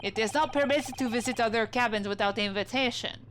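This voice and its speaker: A woman voicing a rude, gruff male ship's guard who speaks broken English, recorded with background noise. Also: fairly high pitch, brisk, fairly bright tone, natural voice. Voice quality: broken English, blunt and hostile.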